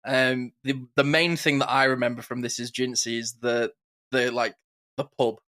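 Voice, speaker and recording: Bright-voiced man chatting. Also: mid-range voice, level tone, normal speed. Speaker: podcast co-host. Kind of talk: casual chat.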